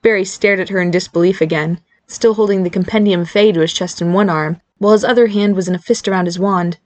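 A woman reading a story aloud as audiobook narrator in an even, storytelling manner. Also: on the low side, fast, no room sound. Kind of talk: scripted narration.

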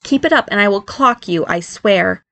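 A woman voicing a surly young man in a storybook reading, pushing her voice high and strained into a whine. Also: animated, moderate pace, creaky, fairly bright tone. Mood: whiny. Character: sulky young man turned fairy, whiny.

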